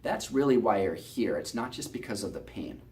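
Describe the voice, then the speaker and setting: A man's voice: lowish voice, animated, moderate pace, a little mellow. Earnest man telling a patient story. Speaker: chiropractor. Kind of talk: promotional storytelling to camera.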